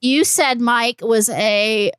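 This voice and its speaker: A woman's voice: a little high, slow pace, a bit bright, clear, resonant tone, no echo, studio quality. A woman co-hosting a horror podcast, talking in a teasing, argumentative and profane way. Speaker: podcast co-host. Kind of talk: casual chat.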